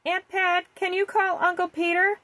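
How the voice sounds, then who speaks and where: A woman's voice: very high voice, little pitch movement, normal speed, pushed and bright, dry recording, voice pushed up. A woman voicing an innocent young girl, a big sister, in a storybook. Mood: concerned. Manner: innocent, concerned.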